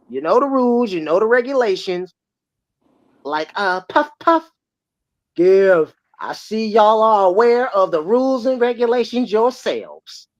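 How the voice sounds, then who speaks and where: A podcast host, ranting about football in loud, mocking trash talk. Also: mid-range voice, no echo. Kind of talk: heated sports podcast talk. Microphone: remote streaming mic. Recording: dry, slightly muffled audio.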